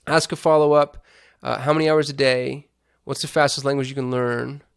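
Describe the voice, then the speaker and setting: A man's voice: medium pitch, fairly even intonation, a little fast, gravelly, smooth. A man hosting a casual screen-share walkthrough on digital marketing, thinking aloud with chatty asides.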